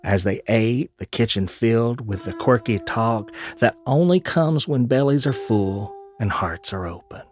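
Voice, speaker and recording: A man narrating a fantasy audio drama in a measured, storytelling way, with folksy Southern turns of phrase. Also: medium pitch, soft background music.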